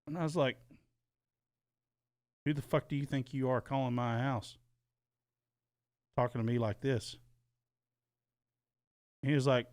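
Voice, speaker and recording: A man tells a personal story on a podcast, cursing freely and acting out heated arguments as he goes. His voice sits at an ordinary pitch, recorded close and dry with no room sound. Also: moderate pace, pauses often, no echo. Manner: profane, animated storytelling with heated re-enacted quotes. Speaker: podcast co-host. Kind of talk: casual storytelling chat.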